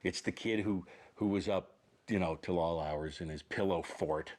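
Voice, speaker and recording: A man with a very low voice giving a documentary interview. He rambles affectionately as he talks. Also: moderate pace, darkish tone.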